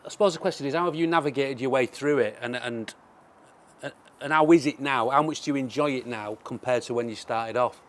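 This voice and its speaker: A man's voice: mid-range voice, brisk. A man hosting a casual interview, asking questions and giving short, encouraging backchannels. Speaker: interviewer host.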